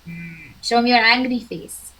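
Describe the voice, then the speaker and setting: Through poor audio, a young woman with an Indian English accent can be heard teaching an online English class, slow and clear, with encouraging examples she acts out. Her voice is a little high with a fairly bright tone.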